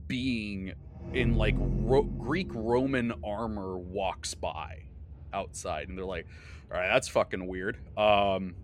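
A man's voice: lowish voice, a little hiss or hum. A man recapping a tabletop game session as its game master, in casual rambling talk full of fillers and self-corrections. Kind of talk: casual podcast storytelling.

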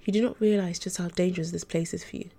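Woman reading a stiff, careful angel tutor girl, low gravelly voice, storybook. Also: steady tone, fast, dark tone. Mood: earnest. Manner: formal, hesitant, restrained. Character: troubled young female angel tutor.

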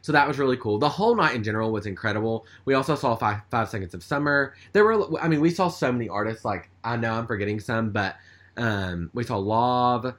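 A man's voice: mid-range voice, animated, a little fast, a bit bright. A man telling a story in casual chat, rambling with lots of fillers. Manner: rambling, chatty, with many fillers.

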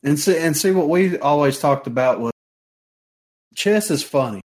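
A man's voice: fairly high pitch, lively intonation, normal speed, a little mellow. Laid-back man swearing through a story. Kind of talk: casual chat.

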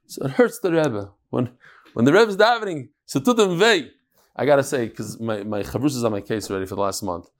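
Animated man teaching Talmud. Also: high voice. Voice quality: animated, storytelling with acted quotes and sudden loud punches. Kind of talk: lively Talmud lecture.

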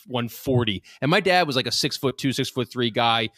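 A man's voice: mid-range voice, expressive, normal speed, a bit bright, no room sound, clean studio sound. A young man casually telling rambling anecdotes on a podcast, with restarts and laughs. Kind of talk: casual storytelling chat.

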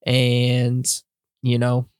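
A man's voice: medium pitch, completely flat delivery, extremely slow, a little mellow, smooth, no echo, clean studio sound. A man co-hosting a podcast, talking with hesitant ums and restarts. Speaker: podcast co-host. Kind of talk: casual chat.

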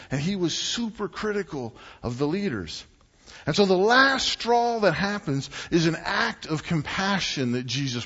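A man preaching a sermon to a congregation in a church, conversational and animated, often asking the listeners questions. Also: on the high side, slightly rough, dull audio. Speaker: pastor.

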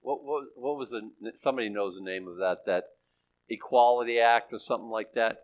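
A man preaching a sermon as pastor, swinging between loud urgency and hushed softness, often repeating and restarting phrases. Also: mid-range voice, fairly quick, dull audio.

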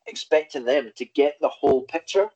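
A man's voice: fairly high pitch, moderate pace, darkish tone, husky. Reflective man, slightly muffled. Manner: hesitant, reflective, with restarts. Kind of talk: casual chat.

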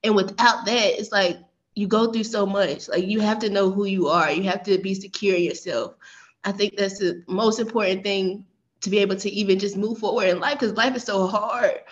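A woman's voice: medium pitch, fairly even intonation, normal speed. A woman who co-hosts a podcast and used to be a teacher, speaking in a heartfelt and emotional way with many fillers. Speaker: podcast co-host, former teacher. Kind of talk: casual podcast conversation. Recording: dull, slightly lo-fi sound.

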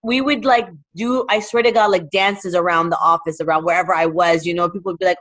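A woman from Toronto who runs a charity, talking casually in an interview, animated and full of fillers. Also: on the low side, normal speed. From Toronto, Canada. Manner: animated, fillers of "like", acts out quotes. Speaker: charity founder.

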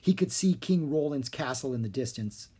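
A narrator reading a children's fantasy book aloud, clear and expressive. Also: mid-range voice, normal speed. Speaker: audiobook narrator. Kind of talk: scripted storybook narration.

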